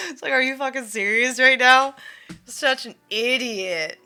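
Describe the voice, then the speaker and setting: A woman streamer chats her way through a story with a fairly high, bright, forward voice. She talks in an animated way, leans on fillers, and swears freely as she goes. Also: clean tone. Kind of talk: casual storytelling chat.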